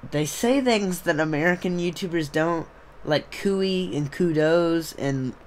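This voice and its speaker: A young man hosting a podcast, talking in a rambling, casual monologue that keeps trailing off and restarting. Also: high-pitched. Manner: rambling, trailing off, self-interrupting. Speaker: podcast host.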